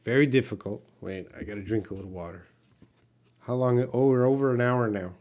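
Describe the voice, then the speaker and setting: A man's voice: medium pitch, a little fast, darkish tone. A Canadian man, an English teacher, answering viewers' questions patiently in a live-stream lesson.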